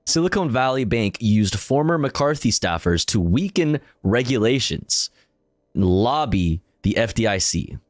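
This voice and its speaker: A man's voice: mid-range voice, very animated, measured pace, no room sound, clean studio sound. A male streamer casually reading news articles aloud and commenting, profane and self-deprecating, often stumbling over his words.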